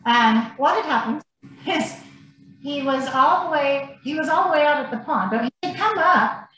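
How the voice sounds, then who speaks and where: Woman, high voice, animated blunt storyteller, swears, very echoey room, faint background noise. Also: moderate pace. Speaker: podcast guest. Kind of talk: casual storytelling.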